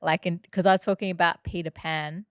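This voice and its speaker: A woman's voice: lowish voice, fairly even intonation, fairly quick, clean tone, dry recording, clean studio sound. A woman co-hosting a casual podcast, discussing a film and often agreeing with her partner. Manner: agreeable, frequent affirmations and fillers. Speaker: podcast co-host.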